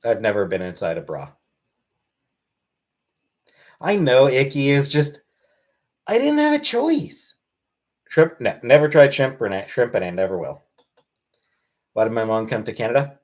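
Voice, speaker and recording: A man chatting on a casual livestream, answering viewers' questions one by one. His delivery is dry and deadpan, but his pitch moves around a lot. He sounds offhand and wry. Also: normal speed, pauses often. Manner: deadpan, wry, reads chat aloud. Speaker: livestream host.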